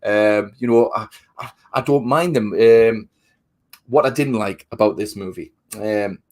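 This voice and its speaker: A man's voice: on the low side, measured pace, darkish tone. A man co-hosting a casual film review chat. He swears often, acts out quotes, and repeats words while he thinks. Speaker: podcast co-host.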